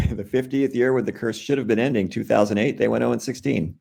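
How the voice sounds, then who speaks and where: A man's voice: medium pitch, fairly quick, gravelly, darkish tone, slightly rough. A man co-hosting a podcast, telling a sports anecdote in a wry, offhand way. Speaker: podcast co-host. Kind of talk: casual chat.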